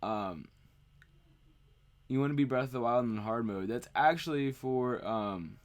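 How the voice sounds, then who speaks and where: A man's voice: medium pitch, measured pace. A man streaming, chatting casually and rambling as he answers viewer questions. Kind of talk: casual livestream chat.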